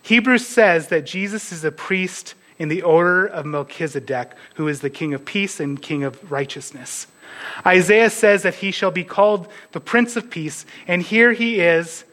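A man's voice: high voice, moderate pace, fairly bright tone, low-quality recording. A man preaching a conversational sermon as pastor, dropping to a near whisper at tender moments.

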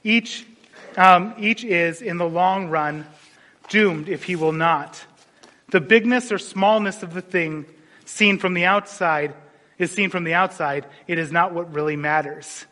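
A man preaching a sermon, animated and storytelling, dropping suddenly into quiet asides. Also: high voice, unhurried. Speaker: pastor. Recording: long hall reverb.

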